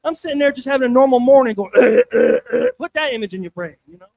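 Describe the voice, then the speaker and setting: A man with a notably high voice rambles through a crude stand-up set, dropping "man" and "you know" into nearly every line. He talks into a handheld stage mic at an open mic night. The sound is very dry and close. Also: lively intonation, rapid-fire, darkish tone, no room sound. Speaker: stand-up comedian.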